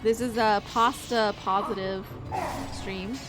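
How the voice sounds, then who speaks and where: A woman's voice: medium pitch, steady tone, takes it slowly, over music. A young woman streaming a game, chatting casually, joking, swearing freely and laughing often. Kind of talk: casual chat while gaming.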